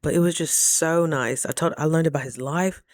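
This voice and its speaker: A woman vlogger casually telling a story in a playful, expressive way. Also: sits low, moderate pace, no echo, clean studio sound.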